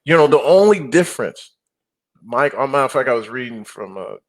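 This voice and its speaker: A middle-aged man chatting as an interview guest, his voice at an ordinary middle pitch. He tells stories with lots of energy, acting out quotes and throwing in growls to make a point. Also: brisk. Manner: animated storyteller, growls and acts out quotes. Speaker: guest, apartment investor. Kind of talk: casual interview talk.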